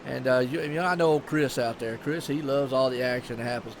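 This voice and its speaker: A man's voice: mid-range voice, fairly quick, a little hiss or hum. Southern-accented male race commentator. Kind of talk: live sim-racing commentary.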